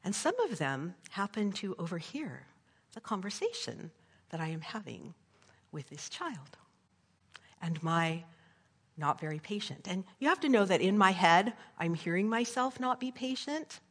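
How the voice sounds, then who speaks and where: A woman's voice: mid-range voice, sing-song, a little slow, husky. A woman preacher giving an earnest sermon that tells a story and moves into prayer, often checking in with "right?". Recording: long hall reverb.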